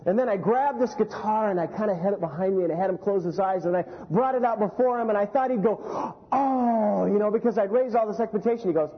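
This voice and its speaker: High-voiced man preaching in a hall. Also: highs cut off. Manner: animated preaching with anecdotes and rhetorical questions. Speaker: pastor. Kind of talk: sermon.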